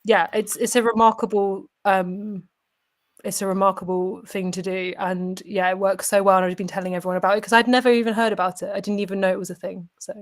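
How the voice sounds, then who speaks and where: A woman in her thirties talks haltingly, full of ums and self-corrections, as a guest on a call. Her voice has an ordinary pitch for a woman. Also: level tone. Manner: hesitant, many fillers and restarts. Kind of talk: casual chat.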